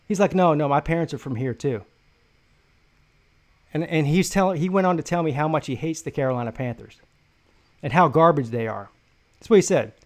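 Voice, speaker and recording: A man hosting a casual sports talk stream, telling a story in a profane, mocking way. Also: a little high.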